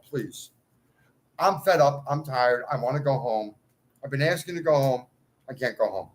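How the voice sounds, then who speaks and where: A man's voice: medium pitch, expressive, moderate pace, rough recording. A man in a ranting monologue to his followers, agitated and pleading, swinging between outbursts and muttered asides. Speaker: self-styled cleric addressing followers.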